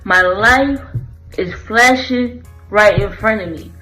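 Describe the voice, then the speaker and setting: A woman's voice: mid-range voice, slow, sharp tone, faint music behind, rough recording. A woman vlogger telling her own story in an earnest, emotional way, going back over phrases as she remembers. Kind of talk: personal storytelling to camera.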